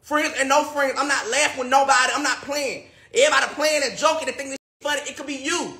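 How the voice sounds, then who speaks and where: A man ranting in a vlog, loud, exasperated and profane, and repeating himself over and over. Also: very high voice, quick pace. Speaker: vlogger. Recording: echoey room.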